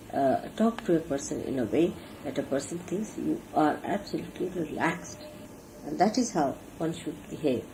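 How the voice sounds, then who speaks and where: Earnest woman teacher with a lively voice. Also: on the low side, poor audio. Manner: earnest, instructive, demonstrates with gestures. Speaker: spiritual teacher. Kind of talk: sermon to followers. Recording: archival talk recording with faint hiss.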